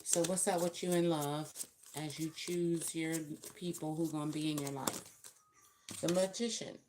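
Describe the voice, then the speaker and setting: A woman's voice: deep voice, steady tone, normal speed, background noise. A woman giving a casual tarot reading to viewers, musing and thinking aloud as she counts out cards. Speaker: tarot reader.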